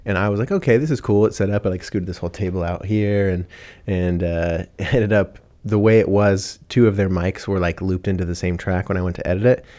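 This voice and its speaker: A young man hosts a relaxed podcast chat at a quick clip, his voice sitting a little low. He talks loosely, full of slang and easy fillers, recorded in a studio. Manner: laid-back, slangy, chatty with many fillers. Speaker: podcast host.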